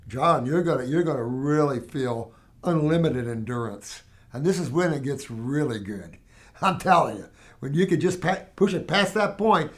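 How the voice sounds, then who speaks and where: An older man hosting a health Q&A, talking casually in a rambling, animated way with many restarts and acted-out quotes. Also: a little high. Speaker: herbal health show host answering questions. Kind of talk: casual Q&A talk.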